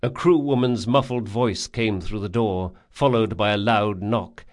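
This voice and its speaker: A man reading a novel aloud in an expressive, measured storytelling manner. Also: on the low side. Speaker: audiobook narrator. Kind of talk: audiobook narration.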